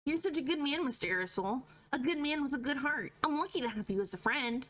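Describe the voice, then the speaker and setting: A woman's voice: sits high, lively intonation, fast, fairly bright tone. A woman voicing a polite, earnest young woman in a comic read-aloud, sweet and overly courteous.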